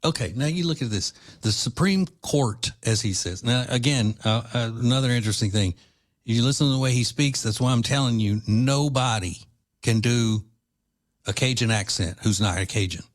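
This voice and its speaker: A man's voice: mid-range voice, fairly quick. A man from Louisiana hosting a podcast, giving blunt, combative political commentary with rambling asides. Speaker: podcast host.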